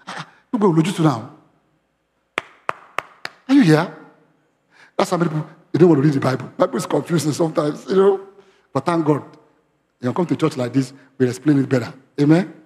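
A male pastor, preaching a sermon in church and often asking the congregation questions. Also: fairly high pitch. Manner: interactive, asks congregation questions; animated, raising voice when quoting. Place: church hall. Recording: long hall reverb.

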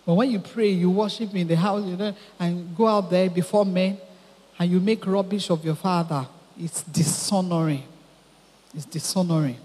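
A woman's voice: on the low side, normal speed, slightly rough, big-room sound. A Nigerian woman preaching a sermon, exhorting her listeners and acting out stories in quoted voices. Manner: exhorting, animated storytelling with quoted dialogue.

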